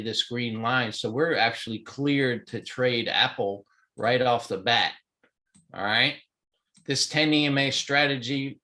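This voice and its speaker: A man with a sniffly, stuffy nose talks through a live trading session in a loose, rambling way. His voice sits at an ordinary middle pitch, full of "um"s and "you know"s. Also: bright, forceful tone. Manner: casual, rambling, chatty with fillers. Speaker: trading mentor. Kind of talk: live market walkthrough. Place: home in Hawaii.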